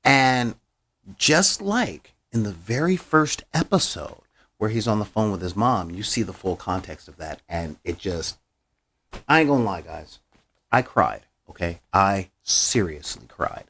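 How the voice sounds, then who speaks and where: A man's voice: sits low, expressive, measured pace, fairly bright tone. A man hosting a podcast, recapping an episode in casual, slangy and heartfelt chat. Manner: slangy, heartfelt, with frequent fillers. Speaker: podcast host.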